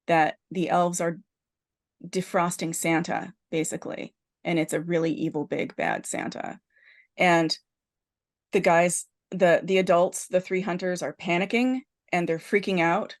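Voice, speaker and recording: Woman excitedly retelling a film plot. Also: lowish voice, unhurried. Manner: animated storyteller, lots of "like" and restarts. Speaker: podcast host.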